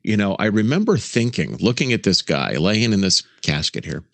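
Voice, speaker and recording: An animated man co-hosting a loose comedy podcast, his pitch bouncing all over as he tells stories and mimics people. The sound is close and dry, with no room around it. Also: normal speed, creaky, no echo. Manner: animated storyteller who mimics voices. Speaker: podcast co-host. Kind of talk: casual comedic chat.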